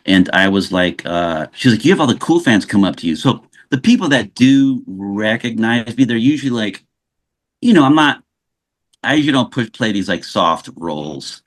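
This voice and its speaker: A man from Los Angeles with a somewhat low voice speaks as a guest in a relaxed interview. He is a lively storyteller who slips into the voices of the people in his anecdotes. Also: normal speed. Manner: animated storyteller who acts out quoted dialogue. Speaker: actor guest.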